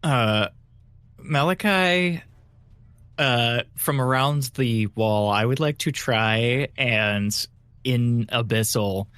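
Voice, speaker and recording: A man's voice: medium pitch, takes it slowly, a bit bright, clean tone, dry recording. A man playing a tabletop game who jokes about his own bad rolls. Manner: joking, self-mocking. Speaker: player. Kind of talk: casual tabletop play.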